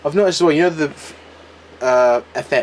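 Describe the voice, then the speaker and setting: A man doing casual let's-play commentary, jokey and quick to laugh. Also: a little high, a little mellow, slight background noise. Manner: jokey, quick to laugh, tries out silly voices. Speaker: co-host.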